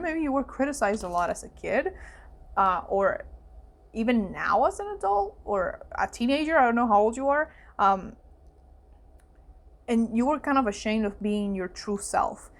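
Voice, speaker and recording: A woman's voice: a little high, gravelly. Emotional woman giving a card reading. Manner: emotional, fillers and exclamations, voice softening to hushed asides. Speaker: psychic tarot reader. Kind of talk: casual spoken card reading.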